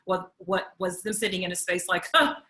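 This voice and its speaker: A woman panelist with a low-set voice and a bright, forceful edge. She thinks aloud as she talks and acts out the voices of others she quotes. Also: flat delivery, a little fast, low-quality recording. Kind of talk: roundtable discussion.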